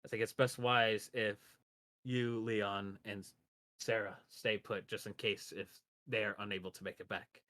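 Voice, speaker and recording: A man voicing a calm, elderly male priest who speaks in a measured, earnest way. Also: lowish voice, no echo. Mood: grave.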